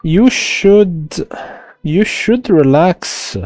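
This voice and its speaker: A man with an Italian accent, streaming a game live and chatting to viewers in a rambling, halting way, with many restarts and laughs. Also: sits high, lively intonation, a little mellow, soft background music. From Italy.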